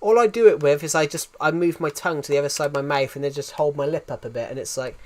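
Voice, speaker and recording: A man's voice: fairly high pitch, quick pace, hardly any pauses, darkish tone, slight background noise. A young British man with a thick regional accent, streaming and chatting casually, rambling and often repeating himself. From United Kingdom. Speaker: game streamer. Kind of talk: casual livestream chat.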